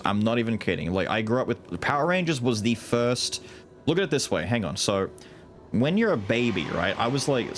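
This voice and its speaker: A man's voice: on the low side, slight background noise. A man in his thirties streaming a video game, chatting casually and swearing freely. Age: 30s. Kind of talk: casual gaming commentary.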